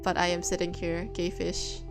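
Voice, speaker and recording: A woman's voice: lowish voice, completely flat delivery, moderate pace, creaky, music in the background, rough recording. A young woman hosting a stream, chatting casually with friends, laughing often and swearing. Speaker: streamer host.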